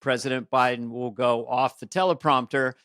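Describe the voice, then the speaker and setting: A man's voice: mid-range voice, fairly even intonation, moderate pace, fairly bright tone, no echo, clean studio sound. A man in his sixties co-hosting a podcast in playful comedic chat, breaking into character voices.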